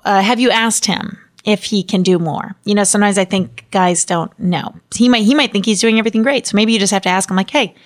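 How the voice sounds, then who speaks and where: A woman co-hosting a casual advice podcast, talking quickly and agreeably. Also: mid-range voice. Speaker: podcast co-host.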